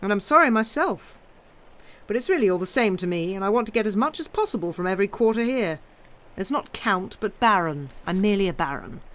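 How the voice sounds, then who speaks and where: A woman's voice: mid-range voice, lightly acted. A woman doing an impudent young baron. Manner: impertinent, fashionably weary, impudent delivery. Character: dissolute young male baron, impudent and weary.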